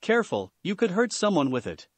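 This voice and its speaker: A man voicing a proud, sharp-tongued teenage princess in a fan-fiction story reading. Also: high voice, wildly swooping pitch, fairly quick, husky, dry recording, voice pushed up, heavily acted. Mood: haughty.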